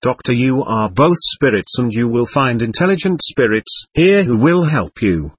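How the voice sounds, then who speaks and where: A calm male doctor explaining things patiently to a lost spirit, read aloud by a man. His voice is husky, with a lively, varied pitch, and sounds dry and close. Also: normal speed, dry recording. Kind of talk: reading a séance transcript aloud.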